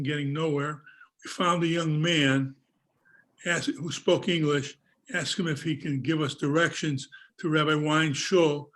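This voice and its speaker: Older man, slightly high voice, plain storytelling on a call. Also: a bit bright. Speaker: participant. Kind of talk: telling a short anecdote.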